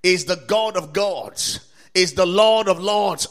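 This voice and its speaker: A man preaching a sermon to listeners, asking rhetorical questions again and again, citing scripture verses and building up to emphatic shouts. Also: high-pitched, slow. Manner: quotes and cites scripture verses. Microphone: recorded for broadcast to listeners or viewers.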